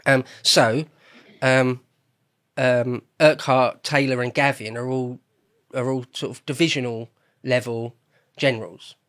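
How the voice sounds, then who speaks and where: A man chats casually on a podcast, rambling and correcting himself as he goes. His voice sits at an everyday mid pitch. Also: steady tone, unhurried, a bit bright. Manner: chatty, rambling, self-correcting. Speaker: podcast host. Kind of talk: casual chat.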